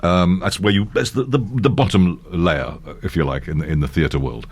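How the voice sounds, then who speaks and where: Speaking at normal speed in a low-pitched, slightly rough voice, an older actor and voiceover guest rambles through anecdotes in a casual interview chat. He restarts frequently and laughs easily.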